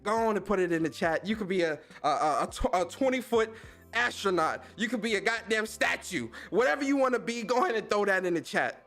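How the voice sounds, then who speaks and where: Brief: upbeat male streamer, slightly high voice, slangy shout-outs, faint music under him. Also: lively intonation, a little fast. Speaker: podcast and stream host. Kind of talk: casual live-stream chat.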